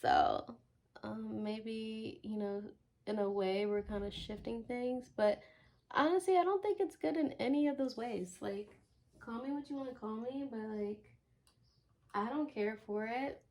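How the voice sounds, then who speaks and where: A woman's voice: fairly high pitch, unhurried, a little mellow. A young woman vlogger in a blunt, exasperated casual rant, full of "like" fillers.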